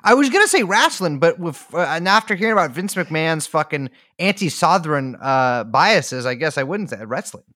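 Joking man podcast host, lively voice. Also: a little high, normal speed, hardly any pauses, dry recording, clean studio sound. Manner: joking, sarcastic. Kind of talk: casual podcast chat.

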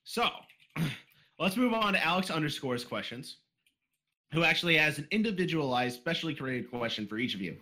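A man's voice: a little high, animated, moderate pace, bright, forceful tone. A man hosting a casual podcast, reading listener questions aloud in a joking, exasperated way over a voice call.

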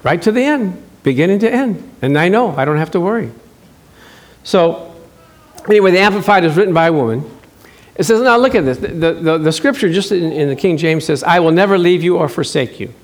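High-voiced man preaching a sermon. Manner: conversational preaching, slows to stress scripture; animated, acts out short dialogues. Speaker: pastor.

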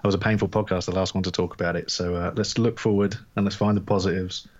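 A man's voice: low voice, fairly even intonation, fast talker. A man co-hosting a casual sports podcast, joking in a dry, laid-back way. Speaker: podcast co-host. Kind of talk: casual chat. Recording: dull lo-fi sound.

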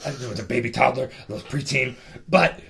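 A man's voice: mid-range voice, fast, gravelly, a bit bright, slight background noise. A man playing a blustering, paranoid conspiracy talk-show host in an improv comedy bit, rambling earnestly and getting worked up. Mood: conspiratorial. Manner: rambling, earnest, prone to emotional outbursts.

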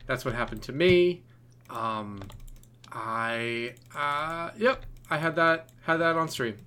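Bright-voiced man telling rambling podcast stories. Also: fairly high pitch, slow pace, clear, resonant tone. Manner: rambling, animated storytelling with many fillers. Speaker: podcast co-host. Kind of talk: casual storytelling chat.

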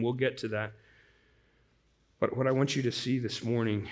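Male pastor, from the Midwest, earnest sermon, storytelling, mid-pitched voice. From St. Louis, US Midwest. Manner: earnest, conversational storyteller, swinging from loud to hushed.

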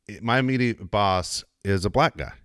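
Deep-voiced man in dry studio chat. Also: moderate pace, dry recording. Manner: animated, swears, repeats words when worked up. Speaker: co-host. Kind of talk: casual radio chat.

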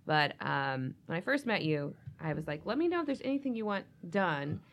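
A woman's voice: fairly low pitch, sing-song, moderate pace, highs cut off. A woman in casual panel chat, talking in an upbeat, chatty way with many fillers.

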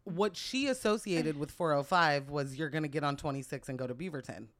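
A woman's voice: low voice, fairly quick. A young woman from Portland telling a vivid story on a podcast, often laughing as she goes. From Portland, Oregon. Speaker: podcast co-host. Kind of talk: casual storytelling chat.

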